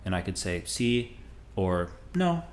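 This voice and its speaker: A man teaching Spanish in a relaxed, conversational video lesson, modeling phrases slowly for beginners. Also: low-pitched, slight background noise.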